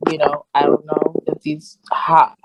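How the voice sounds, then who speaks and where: A woman's voice: sits low, monotone, unhurried, slightly rough, dry recording, dull audio. A young woman speaking on a video call, emotional and rambling, with many fillers and restarts. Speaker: cast member.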